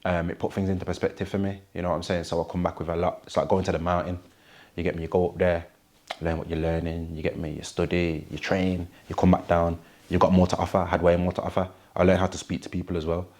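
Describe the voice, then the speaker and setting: A man's voice: low-pitched, little pitch movement, quick pace, a little mellow. A young man with a Wolverhampton accent, a rapper talking casually in an interview, full of street slang and "you get me" tags. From Wolverhampton, England.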